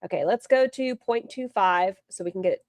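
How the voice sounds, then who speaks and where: A woman's voice: mid-range voice, moderate pace, darkish tone, no echo, studio quality. A woman streamer giving casual, sarcastic commentary while reacting to a video and greeting her chat. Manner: sarcastic, teasing asides to chat.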